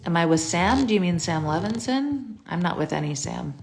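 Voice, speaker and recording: Woman, low gravelly voice, livestream Q&A host; chatty, scattered, reads comments aloud then answers. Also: expressive, moderate pace, a little hiss or hum. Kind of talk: casual livestream Q&A.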